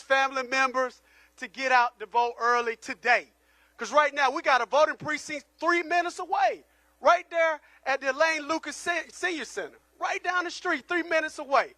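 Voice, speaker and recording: Casting: man, rally speaker, very high voice, dry close sound, rousing and repetitive. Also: pushed and bright, no room sound. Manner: rousing, repetitive call to action. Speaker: political candidate at a rally. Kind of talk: campaign rally speech.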